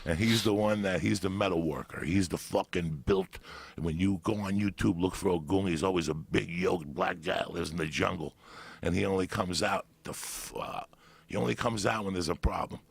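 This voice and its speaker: A man of Cuban family background in a casual podcast chat, an animated storyteller who swears freely and breaks into loud bursts. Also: deep voice, normal speed, creaky, breathy edge, no echo. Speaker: podcast guest.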